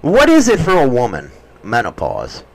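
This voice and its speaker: A man's voice: mid-range voice, wildly swooping pitch, normal speed, low-quality recording. A middle-aged man hosting a show, trading crude, profane teasing in casual banter. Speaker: show host.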